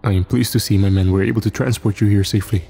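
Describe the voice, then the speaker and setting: A man's voice: fairly low pitch, fairly even intonation, racing, gravelly, warm tone, faint music behind. A man voicing an eccentric, well-spoken male employer who speaks courteously and teases the people he has hired, keeping his secrets. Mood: smooth, secretive.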